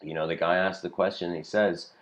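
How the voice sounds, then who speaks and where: Man, very deep voice, casual lecture, rambling parable, lots of "you know", chuckles. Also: level tone, brisk.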